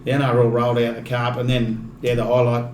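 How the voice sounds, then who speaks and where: A man's voice: medium pitch, monotone, fast, darkish tone. Chatty Australian man telling stories. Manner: chatty, laughs often mid-story. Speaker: podcast guest, rugby league commentator. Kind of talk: casual storytelling. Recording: echoey room, faint noise.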